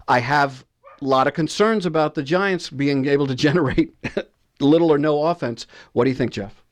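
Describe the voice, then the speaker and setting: A man anchoring a casual football picks segment, chatty and jokey, often stumbling over his words. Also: medium pitch. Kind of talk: casual sports picks chat.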